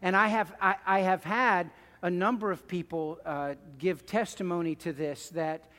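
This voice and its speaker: A middle-aged man preaching a sermon, moving between loud pleading and quiet, hushed asides. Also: high voice, steady tone, normal speed, in a large hall. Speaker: pastor.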